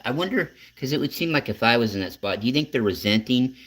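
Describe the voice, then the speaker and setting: A man's voice: medium pitch, lively intonation, fast, a bit bright. A man hosting a casual talk show, asking long rambling questions that restart and drift, with some swearing. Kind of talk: casual interview chat.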